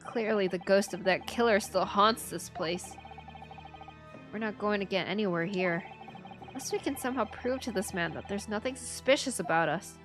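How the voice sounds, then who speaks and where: A woman's voice: mid-range voice, moderate pace, music in the background, natural voice. A woman reading a polite young lawyer. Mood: earnest. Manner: polite, earnest. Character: polite young male Japanese defense lawyer.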